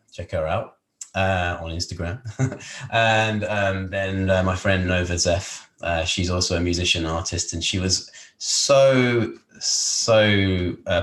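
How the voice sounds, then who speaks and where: A man's voice: deep voice, fairly bright tone, echoey room. A man from England, a podcast guest, talking in a casual, rambling way with many fillers and restarts. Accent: English. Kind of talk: casual interview chat.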